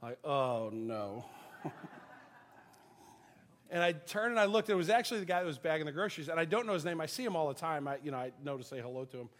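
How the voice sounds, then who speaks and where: A middle-aged male pastor gives a sermon in a relaxed, storytelling manner and pokes fun at himself. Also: a little high, racing, few pauses. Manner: conversational storytelling, self-deprecating, laughs at himself. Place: church sanctuary.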